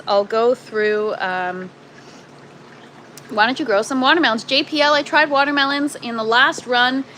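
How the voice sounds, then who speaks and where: A woman with a Canadian accent chats her way through a livestream from her indoor grow tent, joking at her own expense as she goes. Her voice sits slightly high. A faint hum runs under the recording. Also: fairly bright tone, rough recording. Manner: chatty, self-deprecating, reads out viewer comments. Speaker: livestream host, gardener. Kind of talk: casual livestream chat.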